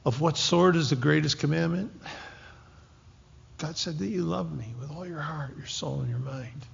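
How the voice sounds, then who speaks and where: A man in his sixties preaching a sermon, joking lightly at first and then dropping to a hushed, whispered intensity. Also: a little high, normal speed, vocal fry, long pauses, a little hiss or hum. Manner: animated, jokey asides that drop to hushed, whispered intensity. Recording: dull lo-fi recording with long hall reverb.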